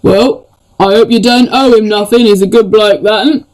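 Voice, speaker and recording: A man's voice: sits high, steady tone, moderate pace, a little mellow, natural voice, rough recording. A game master voicing a boastful, chatty male dwarf miner, folksy and repetitive. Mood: friendly boastful. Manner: eager, folksy, repeats himself.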